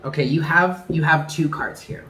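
A man's voice: a little high, fairly even intonation, moderate pace, music in the background. A man giving a casual tarot reading to his viewers, effusive and emphatic, swearing freely and laughing often. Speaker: tarot reader. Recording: echoey room with faint background noise.

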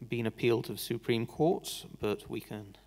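A man's voice: medium pitch, normal speed, darkish tone. A man giving a legal seminar talk, critical and dry, with frequent restarts. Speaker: barrister giving a lecture.

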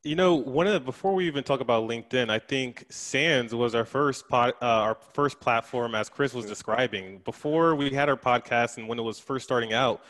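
A man's voice: medium pitch, normal speed, hardly any pauses, a bit bright. A man on a panel, speaking in an upbeat way with some filler sounds. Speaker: podcast co-host, panelist. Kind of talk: panel discussion.

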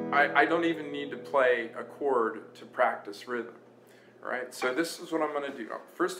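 A man giving a casual guitar lesson, counting beats aloud as he plays along on his own guitar. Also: mid-range voice. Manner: relaxed, talks while playing, counts beats aloud. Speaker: guitar teacher. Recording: roomy sound with loud guitar. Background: his own guitar playing.

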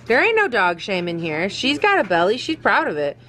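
A woman's voice: medium pitch, wildly swooping pitch, fairly quick, sharp tone, low-quality recording. A woman vlogging in a casual, rambling way at home in her kitchen, swearing often and saying "like" a lot. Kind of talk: casual chat.

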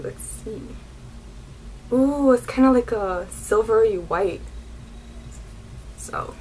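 Young woman unboxing makeup, slow and gushy, faint hiss behind. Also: fairly high pitch, low-quality recording. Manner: gushing, excitable, keeps saying oh my god. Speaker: beauty vlogger. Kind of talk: unboxing vlog.

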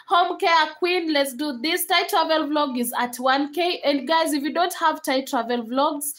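A woman's voice: high voice, a little slow, a bit bright, rough recording. A young Kenyan woman chatting casually to viewers on a live stream, laughing often and slipping between English and Swahili. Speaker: livestreamer.

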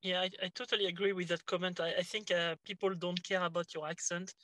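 High, bright man with a French accent. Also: flat delivery, fast, no room sound, rough recording. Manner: reassuring, repeats words. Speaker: panelist. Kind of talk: webinar panel discussion. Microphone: video call.

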